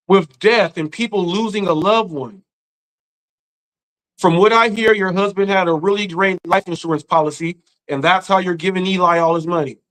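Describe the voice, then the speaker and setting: A grieving man hosting a live stream, speaking earnestly in a halting way and often repeating his words. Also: high-pitched, fairly bright tone, low-quality recording. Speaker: live-stream commentary host. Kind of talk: emotional live-stream rant.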